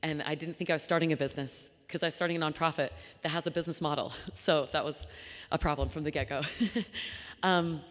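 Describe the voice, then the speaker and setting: Low-voiced woman speaking in a reverberant hall. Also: fairly even intonation, fairly quick. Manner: earnest and chatty, with frequent fillers and restarts. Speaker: nonprofit founder giving a luncheon talk. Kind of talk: speech to a live audience. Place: large banquet hall.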